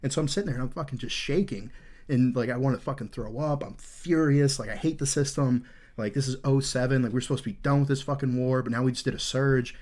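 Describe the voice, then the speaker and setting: A man's voice: mid-range voice, fast, a little mellow. A man in his thirties hosting a podcast, telling a story in casual talk, intense and earnest, swearing in nearly every sentence and rambling with fillers. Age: 30s. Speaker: podcast host.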